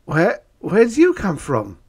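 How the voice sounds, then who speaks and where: A man's voice: high voice, huge pitch swings, measured pace, darkish tone, breathy edge, pitched above the performer's own voice, exaggerated voice. A man voicing a nervous male writer in an audiobook, anxious and stammering in a raised voice. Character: nervous jittery male science-fiction writer. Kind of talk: audiobook character voice.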